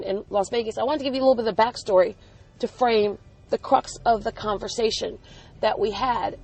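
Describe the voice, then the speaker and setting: A woman's voice: a little high, a little hiss or hum, low-quality recording. A woman podcast host telling a personal story about her son in an earnest, emphatic way.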